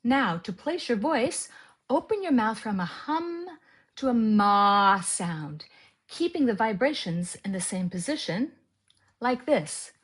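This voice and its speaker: A woman giving a calm spoken lesson on narration technique and demonstrating exercises aloud. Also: a little high, slow pace. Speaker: author teaching audiobook narration.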